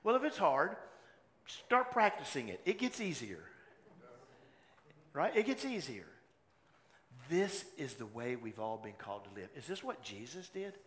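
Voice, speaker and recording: A man preaching a sermon as pastor, moving between loud exhortation and hushed personal storytelling. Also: fairly high pitch. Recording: long hall reverb, faint room noise.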